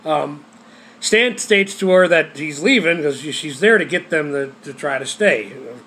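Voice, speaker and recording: A man's voice: on the high side, lively intonation, normal speed, bright, forceful tone, a little hiss or hum. Giggly man rambling through an episode recap. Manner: giggly, laughs constantly, rambling with many fillers. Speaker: show reviewer.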